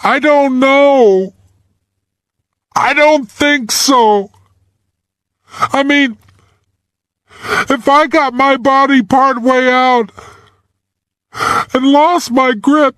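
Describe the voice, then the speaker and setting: A man's voice: extremely high pitch, expressive, takes it slowly, a bit bright, no room sound, studio quality, voice pushed up, heavily acted. A panicking trapped young man near tears. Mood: frightened. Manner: desperate, pleading, on the verge of tears. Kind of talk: audiobook character voice.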